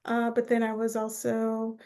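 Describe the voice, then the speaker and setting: A woman guest on a podcast talks through family stories with a slightly high, bright voice. She slips into quoted voices of relatives as she tells them, keeping a warm conversational flow. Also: normal speed. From United States. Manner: animated storyteller who acts out quoted relatives. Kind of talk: conversational interview storytelling.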